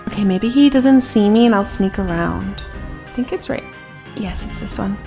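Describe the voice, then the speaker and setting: A woman giving playful gameplay commentary in an excitable way, often gasping and giggling. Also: medium pitch, normal speed, gravelly, over music. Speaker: gaming video creator.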